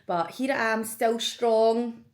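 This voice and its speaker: A woman's voice: fairly high pitch, slow pace. A Scottish woman in her twenties, chatting casually and emotionally as a vlogger, swearing freely. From Scotland. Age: 20s. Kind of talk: casual get-to-know-me chat.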